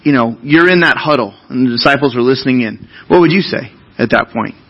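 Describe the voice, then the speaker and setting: A man's voice: medium pitch, fairly quick, muffled recording. A man preaching a sermon as pastor, talking to the congregation in an earnest, conversational way and asking them questions.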